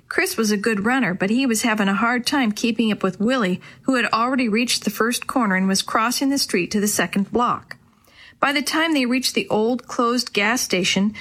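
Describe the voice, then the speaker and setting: A woman reading a children's story aloud in an expressive, animated way. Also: on the high side.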